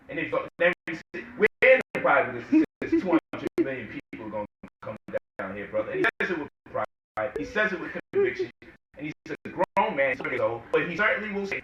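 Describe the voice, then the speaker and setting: A man delivers an impassioned lecture-style talk, peppered with rhetorical questions and mocking quotes. His voice is bright and fairly high. He sounds some way from the mic in an echoey room. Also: huge pitch swings, fairly quick, recorded from a distance, lo-fi sound, slight background noise. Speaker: guest speaker.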